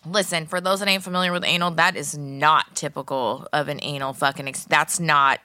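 Woman co-host, lower pitch, bright tone, crude blunt interjections, dry studio. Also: steady tone, moderate pace, smooth, no echo. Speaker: podcast co-host. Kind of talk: casual chat.

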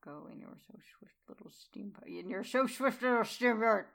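Woman playing an earnest older male professor, audiobook; halting, stilted foreign cadence. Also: mid-range voice, creaky, a bit bright.

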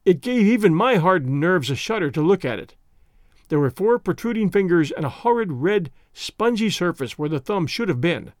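Brief: male audiobook narrator, expressive delivery, dry close recording. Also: high-pitched, no room sound. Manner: measured, expressive storytelling. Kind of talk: audiobook reading of a classic story.

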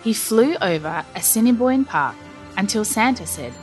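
A woman narrating a children's story aloud in an animated, playful storyteller manner. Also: mid-range voice, normal speed. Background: faint music.

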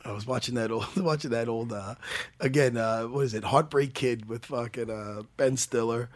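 A man hosting a sports talk show, chatting casually and excitably, laughing often. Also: moderate pace. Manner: excitable, laughs often, animated swings in pitch. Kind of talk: casual studio banter.

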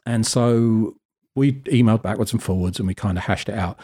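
A British man telling a lively, self-deprecating story as a guest photographer in a casual interview. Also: lowish voice, normal speed, husky. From Britain. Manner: animated, self-deprecating, acts out quotes.

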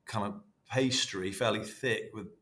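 A man, chatting warmly and rambling as a podcast guest, full of restarts. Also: lowish voice, unhurried. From North West England. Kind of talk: casual interview reminiscing.

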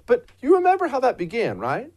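Animated sarcastic male political host. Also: extremely high pitch, fairly quick. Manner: sarcastic, indignant, animated delivery. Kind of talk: political commentary monologue.

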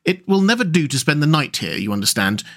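A man's voice: on the high side, big pitch swings, quick pace. A man doing a kindly, soothing water rat. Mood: reassuring. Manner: soothing, reassuring. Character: kindly, good-natured male water rat, brave.

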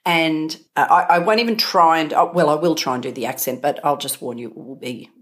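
A woman with an Australian accent, co-hosting a podcast and telling wry, deadpan stories in casual chat. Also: deep voice, brisk. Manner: wry, storytelling, deadpan asides. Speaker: podcast co-host.

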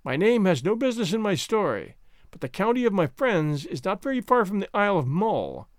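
A man voicing a bold, proud Highland gentleman who speaks in a wry, formal, stiff-necked way. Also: big pitch swings, brisk, no echo, clean studio sound.

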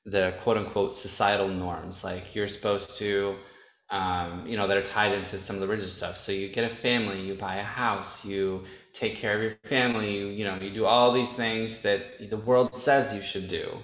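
A man from upstate New York talks as a guest, frank and easygoing, with a somewhat low voice. His audio carries a noticeable room echo. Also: fairly even intonation, moderate pace, fairly bright tone. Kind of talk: casual chat.

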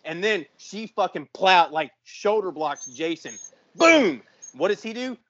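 A man in his forties, a podcast co-host, telling a profane story with lots of swearing and loud sound effects. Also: high-pitched, expressive, normal speed, no echo, highs cut off. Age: 40s.

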